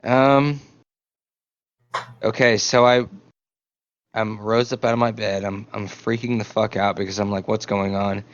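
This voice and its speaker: Excitable, swearing man at the table. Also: on the low side, measured pace, pauses often, no room sound. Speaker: player. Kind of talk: casual tabletop game chat. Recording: dull lo-fi audio.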